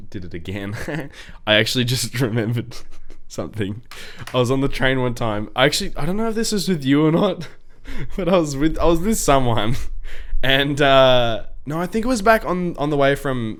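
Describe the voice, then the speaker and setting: A man, co-hosting a casual podcast and telling rambling, animated stories. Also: mid-range voice, normal speed. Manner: rambling storyteller, animated when annoyed. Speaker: podcast co-host. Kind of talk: casual chat.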